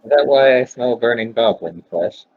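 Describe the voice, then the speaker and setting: A man's voice: mid-range voice, animated, moderate pace, breathy edge, no room sound, phone-quality sound. A man playing in a tabletop game, making wry, joking remarks. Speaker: player.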